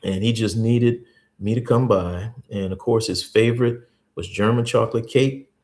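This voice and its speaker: Man, low voice, earnest teaching talk, repeats key points. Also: moderate pace, darkish tone. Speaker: host. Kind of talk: teaching talk with faith stories.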